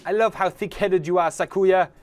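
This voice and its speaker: A man's voice: high-pitched, fairly even intonation, normal speed, soft background music, pitched above the performer's own voice, natural voice. A man voicing a smug aristocratic older-brother pigeon who speaks with a put-on French accent, teasing and theatrical.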